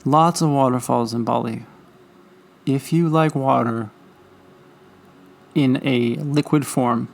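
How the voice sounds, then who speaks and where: Slow, gravelly joking travel host. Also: male voice, medium pitch, darkish tone. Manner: playful, teasing, mock-dramatic.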